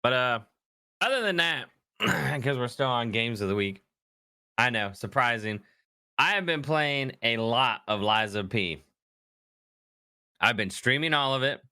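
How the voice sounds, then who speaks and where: A man co-hosting a podcast, chatting casually about video games, animated and quick to laugh. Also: medium pitch, no echo, clean studio sound. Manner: animated, laughs often, trails off. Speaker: podcast co-host. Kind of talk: casual gaming chat.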